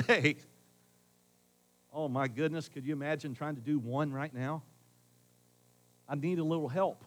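Middle-aged male pastor, slightly high voice, conversational sermon, swings from loud to hushed. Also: rough recording. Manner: conversational preaching, shifts between loud emphasis and hushed asides.

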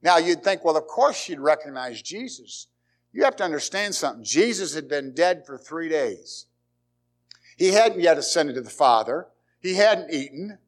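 Man, pastor, sermon in a church, slightly high voice, conversational preaching, dramatic pauses. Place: church sanctuary.

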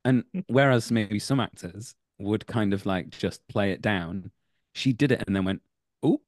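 A young man with a Manchester accent, an actor and acting teacher, telling animated backstage anecdotes in a casual interview and laughing as he goes. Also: lowish voice, unhurried, no room sound, clean studio sound. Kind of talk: casual podcast interview, storytelling.

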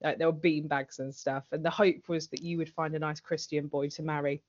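A woman's voice: sits low, flat delivery, a little fast, a little mellow. A woman co-hosting a casual chat podcast, blunt and sweary, laughing often and acting out quotes. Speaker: podcast co-host recapping a TV drama. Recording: dull lo-fi audio.

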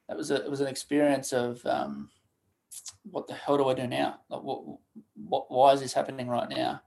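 A man, a podcast guest telling a personal story of loss in a halting, emotional way, full of restarts and pauses. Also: mid-range voice, creaky, darkish tone. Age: 30s. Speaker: guest, charity co-founder.

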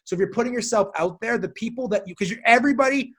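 A man guesting on a podcast, talking in a chatty, animated way and swearing casually. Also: very high-pitched, rapid-fire, slightly rough. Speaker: guest, self-defense instructor.

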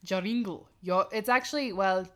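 A woman's voice: medium pitch, normal speed, a bit bright. A woman hosting a podcast, reading a fairy tale aloud and breaking off for giggly, irreverent asides with casual swearing. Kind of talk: casual read-aloud with commentary.

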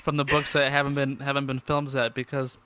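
A man's voice: mid-range voice, monotone, brisk, sharp tone, a little hiss or hum. A man cohosting a podcast in casual, rambling chat full of fillers. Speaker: podcast host.

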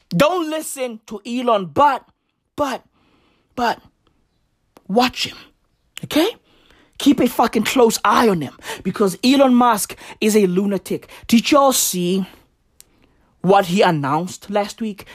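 A comedian delivering a rant full of street slang and swearing, often jumping up into shouts. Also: mid-range voice, no echo, studio quality. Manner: slang-heavy, profane, animated swings into shouting.

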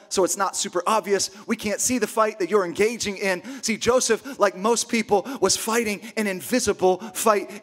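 A man preaching a sermon as pastor, emphatic and energetic, full of rhetorical questions. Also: high-pitched.

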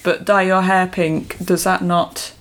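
Chatty woman co-host, gravelly fry, laughs a lot, film chat. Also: on the low side, flat delivery, a little slow. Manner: chatty, laughs often, muses aloud. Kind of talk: casual chat about a film.

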